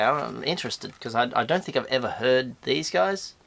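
An Australian man hosting a casual unboxing vlog, his voice nasal and stuffy from a flu, bursting into excited squeals. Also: normal speed, vocal fry, a little hiss or hum. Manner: excitable, with sudden high squeals of delight. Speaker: host of a toy unboxing channel.

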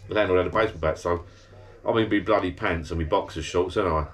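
Sitting low and talking fast, a man tells pub stories to the camera from the bar in his backyard garden. It's a meandering vlog monologue, blokey and chatty, with plenty of self-corrections.

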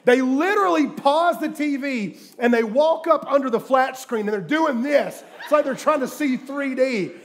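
A middle-aged man preaching a sermon, telling jokey stories and swinging from quiet asides to loud bursts. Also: very high-pitched, normal speed, hardly any pauses. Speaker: guest preacher. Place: church sanctuary with live audience.

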